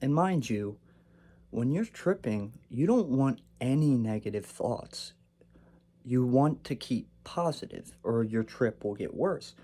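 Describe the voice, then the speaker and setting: A man's voice: medium pitch, slow. A young man casually telling a personal story and acting out what he and his brother said. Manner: animated, acts out quotes of himself and his brother.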